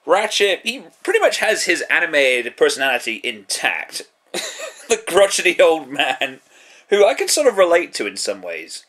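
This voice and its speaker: A British man talks through a show review in a bright, fairly high voice that leaps around expressively. He is sarcastic and profane, tossing in self-deprecating jokes as he chats along casually. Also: wildly swooping pitch, moderate pace.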